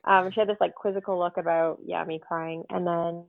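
A woman's voice: lowish voice, flat delivery, brisk, vocal fry, no echo. A woman guest on a podcast, telling her story in a rambling, casual way full of fillers and restarts. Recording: tinny phone-like line.

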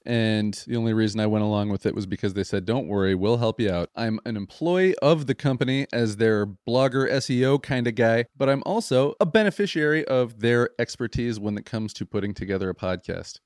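A man's voice: medium pitch, darkish tone, no room sound, clean studio sound. Enthusiastic chatty man hosting a podcast. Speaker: podcast host. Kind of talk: podcast intro with host-read ads.

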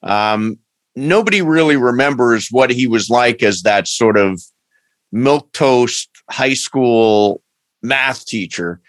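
A man's voice: medium pitch, lively intonation, slow, no echo. A man hosting a casual chat, playful and teasing.

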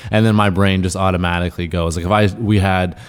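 A man with a fairly low voice hosts a casual podcast. He talks loudly and jokily, swears often, and gets animated as he chats. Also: fast, clean tone. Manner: loud, profane, jokey, animated. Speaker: podcast host.

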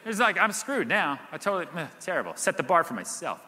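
A man in his thirties, a guest at a live summit, tells stories with lots of laughs and "like" fillers. His voice is very bright and cutting. It echoes through a large hall. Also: on the high side, fast talker. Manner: animated storyteller, laughs often, many "like" fillers. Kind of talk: live Q&A storytelling. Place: event stage. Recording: reverberant hall.

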